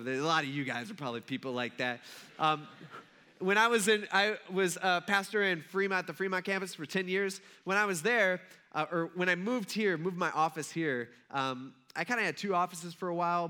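A man's voice: fairly high pitch, pushed and bright. A male pastor preaching a sermon in a conversational, humorous storytelling style.

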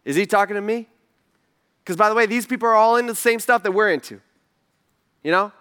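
A man preaching a sermon as pastor, casual and emphatic, with lively asides to the congregation. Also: high voice, fairly quick, clear, resonant tone.

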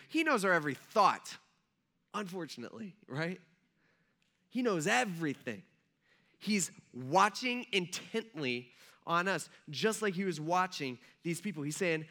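A man's voice: a little high, pushed and bright. A male pastor giving a casual, conversational sermon with asides to his congregation.

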